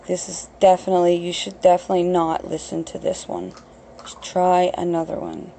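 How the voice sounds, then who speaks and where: A woman's voice: on the low side, little pitch movement, normal speed, creaky, dark tone, slight background noise, rough recording. A woman in her thirties hosting an unscripted solo podcast, crass and blunt, swearing freely and mocking herself. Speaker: podcast host.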